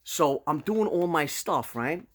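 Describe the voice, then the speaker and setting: A man, chatting casually to camera as a vlogger and telling stories in an animated way. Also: fairly high pitch, slow. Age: 50s. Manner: animated storyteller, slips into loud quoted voices.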